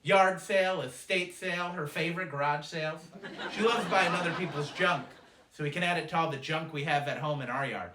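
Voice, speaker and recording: A man performing a stand-up routine, telling family stories in a quick, animated way. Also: on the high side. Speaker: comedian. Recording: echoey room, distant mic, noisy.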